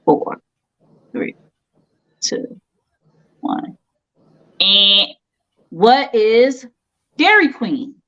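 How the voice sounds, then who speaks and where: A woman's voice: on the high side, big pitch swings, extremely slow, long pauses, pushed and bright, muffled recording. A woman hosting a casual online quiz show, playful and teasing with the players. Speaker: game show host.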